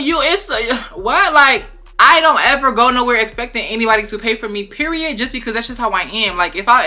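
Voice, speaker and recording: Sassy, bright-voiced young woman telling a story. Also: mid-range voice. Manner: animated, profane, sassy storytelling. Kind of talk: storytime vlog.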